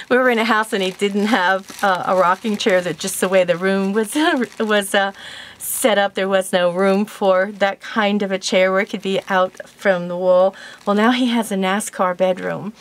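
A woman in her sixties telling a rambling home story in a casual vlog, chatty and laughing often, then showing off a gift. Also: mid-range voice. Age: 60s. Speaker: vlogger.

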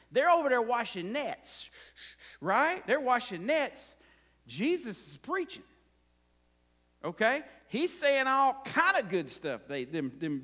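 A man's voice: very high voice, a bit bright. A man preaching a conversational sermon as pastor, asking the congregation frequent rhetorical questions.

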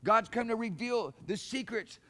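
A male pastor preaching in a church, his voice sitting high for a man. He talks in a folksy style and throws out rhetorical questions. He moves from quiet, low asides to loud, forceful shouting. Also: moderate pace. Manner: swings from low murmurs to loud, shouted emphasis. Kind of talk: sermon. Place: church sanctuary.

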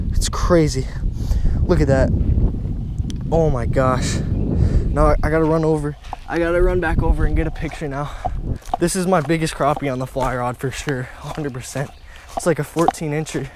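A young man vlogging while he fishes at a pond, talking casually to his viewers, easily excited and repeating himself a lot. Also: a little high, noisy background. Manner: excitable, repeats himself, keeps saying "guys" and "oh my gosh". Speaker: fishing vlogger. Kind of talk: casual outdoor vlog commentary. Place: outdoors at a pond.

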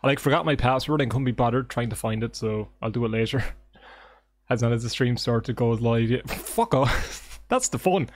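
Excitable, joking male game streamer. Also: mid-range voice, brisk, no echo. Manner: excitable, joking, swears often. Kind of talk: casual livestream chat with viewers. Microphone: desk microphone.

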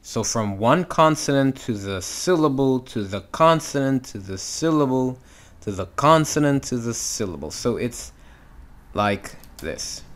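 A man's voice: mid-range voice, animated, measured pace. A man teaching Hebrew reading, patiently sounding out letters and syllables step by step. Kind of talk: instructional walkthrough.

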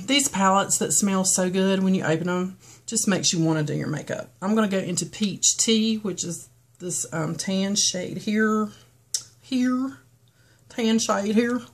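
With a medium-pitched voice and a slightly slow pace, this woman films a get-ready-with-me beauty vlog. She's from western North Carolina, with a softened foothills Southern accent, and she chats and rambles, often saying um and starting over.

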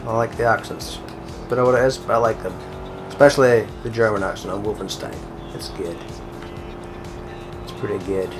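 A man's voice: fairly low pitch, steady tone, moderate pace, long pauses, music in the background. Swearing man doing game commentary. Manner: swearing, rambling, jokey, breaks into song. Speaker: let's play gamer. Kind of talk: casual gameplay commentary.

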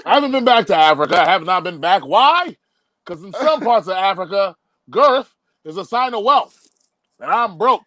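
A stand-up comedian in his thirties, from Liberia, who is animated and laughs through his punchlines. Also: high voice, moderate pace, no echo. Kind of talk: stand-up set and interview. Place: studio in Los Angeles.

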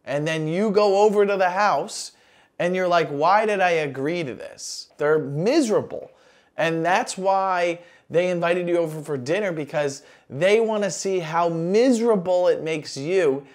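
A man in his forties, a comedian talking casually about how one of his jokes was made, relaxed and conversational. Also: high voice, unhurried. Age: 40s. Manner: relaxed, conversational, with small restarts. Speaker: stand-up comedian. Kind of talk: casual talk explaining a joke.

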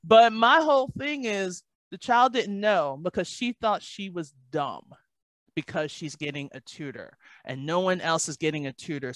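A woman math tutor in a podcast conversation, telling lively stories and acting out the parents and kids she works with. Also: fairly low pitch, no echo. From Baltimore, Maryland. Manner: animated storyteller, acts out parents and kids.

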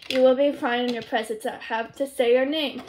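A woman's voice: high-pitched, fairly even intonation, moderate pace, darkish tone, echoey room, lightly acted. A woman voicing a young male leader of the pups in a noisy home recording, instructing and scolding. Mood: firm.

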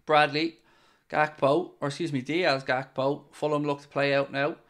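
An Irish man with a Dublin accent hosting a live football watchalong, reacting excitedly to the play and chatting back to viewers. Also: a little high, moderate pace. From Ireland. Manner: chatty, answering viewer comments. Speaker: watchalong host.

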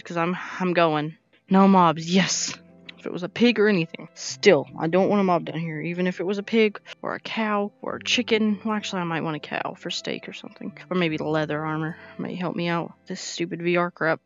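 A male gaming YouTuber giving casual, jokey commentary while playing, talking to himself with sudden loud outbursts. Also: high-pitched. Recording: dull lo-fi recording.

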